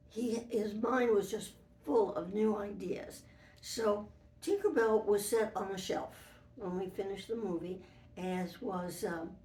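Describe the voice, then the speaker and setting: Recorded from away from the mic in a roomy space, an older interviewee reminisces about her days as the model for an animated fairy. Her medium-pitched, warm voice wanders through old stories, often restarting.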